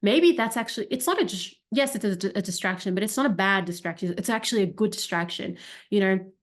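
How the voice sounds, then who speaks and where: A woman of middle pitch speaks as a wellness coach. She teaches with a demonstrative manner and talks her body sensations through aloud as she explains. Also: expressive, quick pace. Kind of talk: educational talk.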